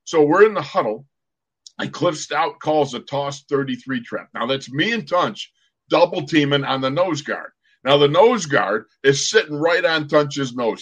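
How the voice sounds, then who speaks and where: Former pro lineman in his 60s, podcast co-host, slightly high voice, animated storyteller who acts out the sounds and quotes. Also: husky.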